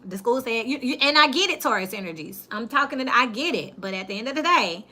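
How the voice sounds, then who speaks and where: Blunt, bright-voiced woman tarot reader. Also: a little high, fast. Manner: blunt, plain-spoken, animated storytelling. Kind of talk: casual tarot reading monologue.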